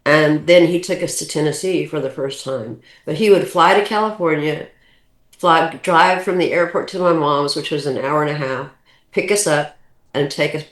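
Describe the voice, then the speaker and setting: A woman in her sixties, a podcast guest, telling family stories in a casual, rambling way with many restarts. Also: low voice. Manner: animated, rambling anecdotes with restarts. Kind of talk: casual storytelling. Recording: roomy echo.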